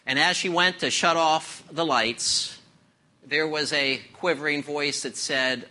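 Slow, bright-voiced pastor telling a joke. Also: male voice, on the high side. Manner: folksy storytelling with a joke. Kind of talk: sermon.

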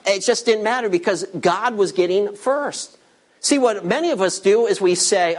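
High-voiced emphatic preaching man. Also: big pitch swings, moderate pace. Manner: emphatic preaching, swinging between loud and hushed; conversational, teasing asides to the congregation. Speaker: pastor. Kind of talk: sermon.

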